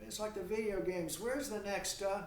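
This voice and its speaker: A man's voice: sits high, steady tone, normal speed, a little hiss or hum. Man lecturing in an echoey room. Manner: rhetorical questions, acts out imagined dialogue. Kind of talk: recorded university lecture. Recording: echoey room, mic at a distance.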